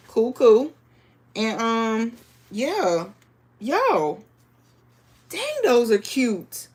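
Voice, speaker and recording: A woman hosting a live sewing stream, chatting casually with viewers and reading the chat aloud. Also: a little high. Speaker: crafting livestream host.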